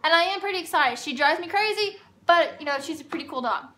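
A woman with a high, bright voice telling a storytime vlog. She chats and rambles along, piling on filler words as she goes. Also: animated, quick pace. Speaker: vlogger.

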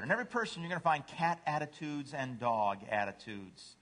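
Middle-aged male pastor, sermon delivery, very lively melody, slightly high-pitched, acts out silly voices. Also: normal speed, hardly any pauses. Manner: animated, puts on voices for cats and dogs.

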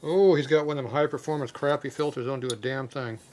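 A man's voice: mid-range voice, steady tone, quick pace, darkish tone. A man working as a motorcycle mechanic, giving casual, blunt commentary and muttering to himself as he works in a repair shop. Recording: noisy workshop with clanking tools.

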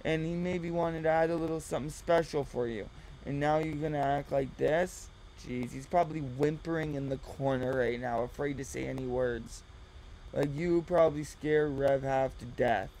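A man's voice: fairly high pitch, normal speed, a little mellow, slight background noise, low-quality recording. A man giving mocking reaction commentary, sarcastic and exasperated.

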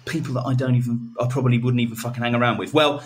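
A man's voice: medium pitch, steady tone, racing. A man co-hosting a podcast, supportive and sweary, calling his friend "mate" constantly. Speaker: podcast co-host. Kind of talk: casual banter.

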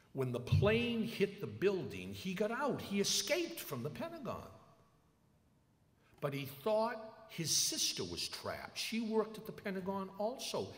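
A man voicing a grieving man in his seventies, who speaks haltingly and earnestly. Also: lowish voice, a bit bright. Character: heartbroken elderly father, gentle, grieving. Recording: echoey lecture hall with long reverb.

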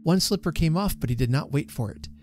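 Warm-voiced male storyteller. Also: fairly high pitch, expressive, brisk, faint music behind. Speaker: reader and channel host. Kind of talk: storytelling reading.

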